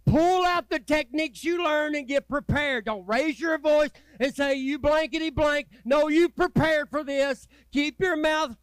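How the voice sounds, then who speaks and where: A man preaching a sermon as pastor, folksy and swinging from loud urging to low, quiet asides. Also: no room sound. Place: church sanctuary.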